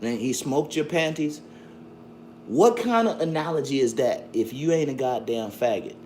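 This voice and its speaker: A man's voice: mid-range voice, lively intonation, normal speed. Black dude ranting on his stream, cussing and mocking, voice jumping all over, bit of hiss. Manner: loud, profane, mocking, with frequent laughs. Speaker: livestream host. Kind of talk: combative livestream commentary.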